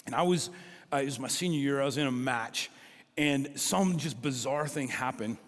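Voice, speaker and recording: A middle-aged man preaching a sermon as a pastor, telling stories in an animated way and acting out the dialogue. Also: medium pitch, normal speed, long reverb tail.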